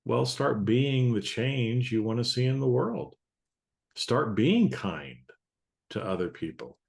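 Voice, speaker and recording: A man's voice: medium pitch, very animated, gravelly, a little mellow. A man hosting a podcast, talking casually and stopping often to restart his sentences. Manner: rambling, halting, restarts sentences. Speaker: podcast host. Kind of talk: casual conversation.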